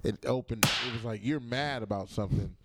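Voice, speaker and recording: Brief: gravelly male comic, rambling and profane, mid-pitched. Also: a little fast, heavy background noise. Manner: rambling, profane, acts out quotes. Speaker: guest comedian. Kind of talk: casual storytelling chat.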